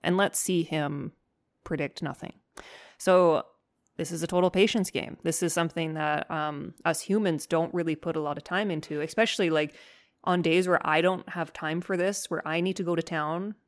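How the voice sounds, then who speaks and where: A woman with a lowish voice tells stories as the host of a dog-training podcast. She is animated and candid, swears freely, and acts out her own lines as she goes. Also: normal speed. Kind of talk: casual storytelling monologue.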